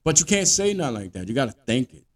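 A blunt, profane man rants his way through a monologue as a podcast host. His pitch swings up and down with lively emphasis, and he sits right in the middle of the male range. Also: quick pace.

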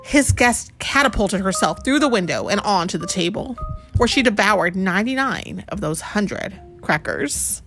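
Animated mom reading a storybook aloud. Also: female voice, medium pitch, normal speed, soft background music. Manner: chatty, animated, asks the child questions. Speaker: parent reading to her child.

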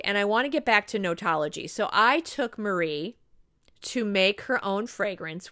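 Bright-voiced chatty woman podcaster. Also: medium pitch, no room sound, studio quality. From northeastern Pennsylvania, USA. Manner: chatty, enthusiastic, rambling with asides. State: tired, losing her voice. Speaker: podcast host. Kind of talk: casual solo podcast storytelling.

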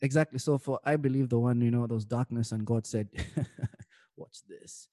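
Joking young man, mellow dry voice. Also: medium pitch, fast, no echo. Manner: joking, animated storytelling with slang. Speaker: podcast co-host. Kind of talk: casual chat.

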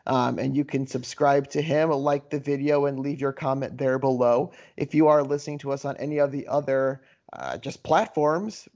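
A man's voice: medium pitch, moderate pace, darkish tone. A man co-hosting a casual podcast, laid-back and joking with his co-host. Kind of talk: casual chat. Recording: dull lo-fi podcast audio.

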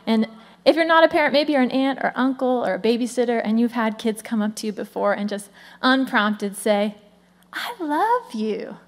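A woman in her thirties, the lead pastor, giving a lively conversational sermon with frequent "come on" asides. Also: a little high, a little fast.

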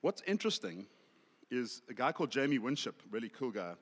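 A South African man preaching a sermon, swinging from loud emphasis to hushed asides. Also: mid-range voice, sing-song, fairly quick, breathy edge, in a large hall. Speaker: pastor.

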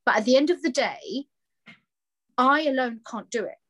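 High-voiced, impassioned woman. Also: expressive, normal speed. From London. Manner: impassioned, emphatic, acts out dialogue in quotes. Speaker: fashion brand founder, guest. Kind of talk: passionate interview talk.

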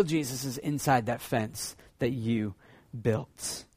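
A man preaching a sermon as pastor, swinging between loud excited bursts and hushed low passages. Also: slow pace, husky, no room sound, clean studio sound.

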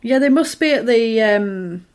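A woman's voice: on the high side, a little slow. Chatty woman retelling a film. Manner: animated retelling, acting out the characters' lines. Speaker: podcast co-host recapping a film. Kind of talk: casual chat.

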